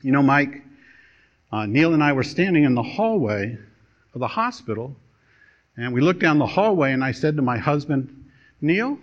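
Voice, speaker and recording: Lively-voiced man preaching a sermon. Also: mid-range voice. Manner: storytelling preacher, lively delivery with dramatic pauses. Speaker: pastor. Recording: dull lo-fi sermon recording.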